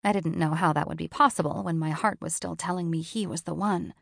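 Woman audiobook narrator, measured and reflective, dry close sound. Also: fairly low pitch, fairly even intonation, gravelly, fairly bright tone, no room sound. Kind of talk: first-person novel narration.

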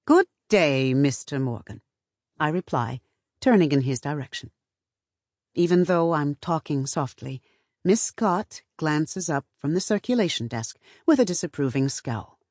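A woman reading a first-person novel as audiobook narration, in a measured, even storytelling manner. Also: low-pitched, dry recording, clean studio sound.

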